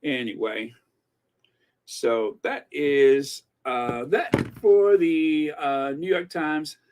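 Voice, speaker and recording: A slow-talking man hosting a commentary channel, with a voice on the higher side. He rambles in casual chat, laughing between words and repeating himself. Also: darkish tone.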